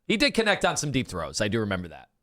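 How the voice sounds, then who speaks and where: A male sports radio co-host talking in a measured, amused way. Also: on the low side, huge pitch swings, pushed and bright.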